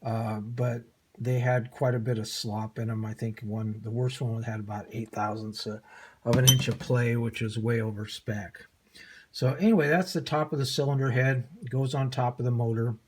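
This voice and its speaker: A man's voice: medium pitch, fairly even intonation, normal speed, a little mellow, slight background noise. An older man casually demonstrating an old motorcycle engine part he is rebuilding, in a folksy, self-deprecating way with plenty of ums and uhs. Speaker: hobby motorcycle mechanic.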